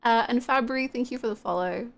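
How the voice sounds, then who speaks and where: Casting: high-pitched, chatty woman game streamer, casual commentary. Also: brisk. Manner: chatty and giggly, reading chat aloud.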